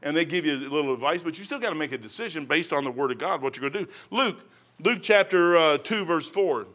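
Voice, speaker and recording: A man's voice: on the high side, expressive, fast talker, fairly bright tone. A man preaching a sermon as pastor, rambling folksy and telling stories.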